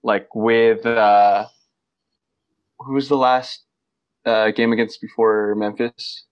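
A man's voice: lowish voice, steady tone, takes it slowly, no room sound, muffled recording. A man co-hosting a casual sports podcast, rambling and joking with lots of fillers. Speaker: podcast co-host.

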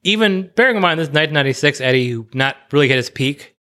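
A man's voice: fairly high pitch, animated, sharp tone. Chatty man giving wrestling opinions. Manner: chatty opinionated analysis, quickens in bursts. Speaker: podcast co-host. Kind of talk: casual discussion.

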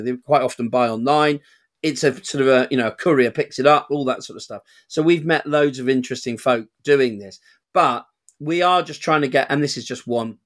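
A man co-hosting a podcast as an auctioneer, easygoing and a bit rambling, with self-deprecating humor. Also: medium pitch. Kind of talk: casual podcast chat.

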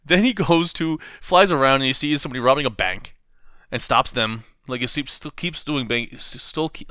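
With a brisk mid-range voice and a clean studio sound free of room echo, a man recapping a comic on his podcast chats with a friend, performing the quotes and breaking into frequent laughter as he tells it.

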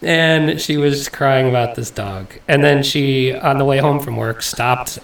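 A man's voice: mid-range voice, measured pace, creaky, fairly bright tone. A young man hosting a podcast, telling a story in casual chat and laughing often. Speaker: podcast host. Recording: distant mic with faint noise and clicks.

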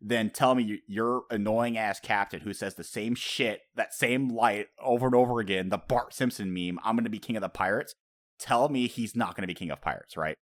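Man reading as a mocking, foul-mouthed pirate brute woman; low voice, sneering taunts. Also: a little fast, natural voice. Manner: taunting, cursing. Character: furious bloodthirsty female pirate officer.

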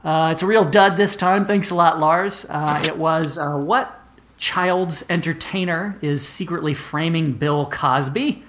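A man's voice: a little high, steady tone, a little slow, fairly bright tone, a little hiss or hum. A man hosting a comedy podcast in a casual way, hesitating often with fillers. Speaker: podcast host.

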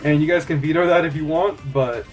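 A man runs a tabletop role-playing game as game master, his voice a little higher than most men's. He rambles through fillers and laughs often, with faint music playing underneath. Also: fairly quick.

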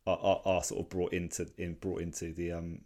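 Talking comic strips on a podcast he co-hosts, this man in his forties rambles, restarting often and leaning on fillers. He has a deep, warm voice with a level tone and a fairly quick pace.

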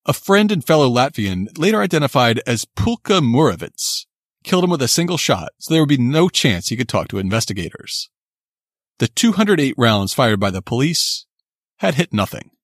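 A man narrates a true-crime tale in a slightly husky voice, his pitch moving expressively. He tells the story steadily and builds suspense. The recording is close and dry. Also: big pitch swings, normal speed, no echo.

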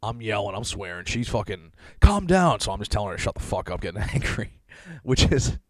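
In a dry recording, a man in his thirties hosts a solo podcast, his lowish voice quick and a bit bright. He laughs often as he rambles through a self-deprecating, swear-filled story.

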